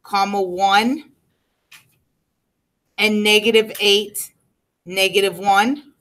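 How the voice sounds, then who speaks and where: A woman's voice: mid-range voice, steady tone, slow pace, a bit bright, rough recording. A woman teaching a math class in a classroom, explaining step by step and checking in with her students.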